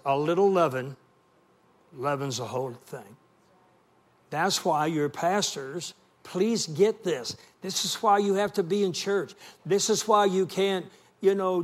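A middle-aged man preaching a sermon as a guest preacher, telling folksy stories and calling for responses from the congregation. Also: high-pitched. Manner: folksy storytelling with call and response.

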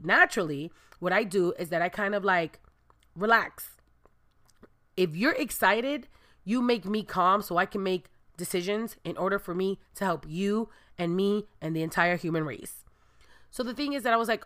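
A young adult woman from Brooklyn, New York, casually telling viewers a story and acting out the dialogue with lively voices. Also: on the low side, normal speed. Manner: animated, acts out dialogue with voices. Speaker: storyteller vlogger.

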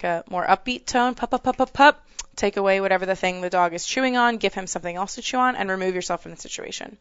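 A woman co-hosting a podcast as a dog trainer, explaining things in a steady, explanatory manner. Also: medium pitch, vocal fry, clean tone, no room sound, highs cut off. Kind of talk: advice podcast chat.

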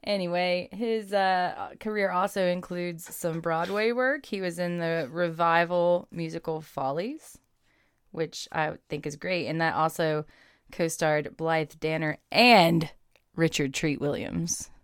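A woman's voice: fairly low pitch, fairly even intonation, slow, clear, resonant tone, no room sound, studio quality. A woman co-hosting a podcast, chatting casually about a movie and rattling off an actor's credits. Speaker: podcast co-host.

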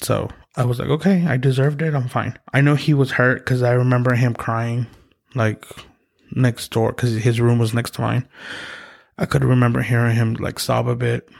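A man from Mexico hosting a podcast, telling a personal story in a halting, reflective way with many pauses and restarts. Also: mid-range voice, creaky. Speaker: podcast host.

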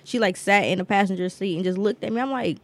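Woman on a podcast, cussing a lot, telling a story and doing everyone's voices, mid-pitched. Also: fast. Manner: blunt, profane storytelling with lively quoted voices. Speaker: podcast co-host. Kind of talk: casual storytelling chat.

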